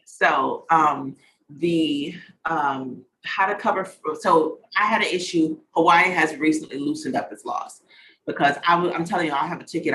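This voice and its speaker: A man's voice: a little high, sharp tone, a little hiss or hum, poor audio. A man hosting an online conference over a video call, chatty and slangy, drifting off on tangents as he talks. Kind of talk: casual talk on a video call.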